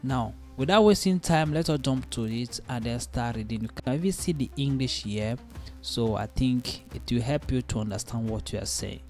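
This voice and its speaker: A man teaching French vocabulary online, slowly repeating each word and often asking learners whether they understand. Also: mid-range voice, darkish tone, faint music behind. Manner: slow, drawn-out repetition of each word; keeps checking in with learners.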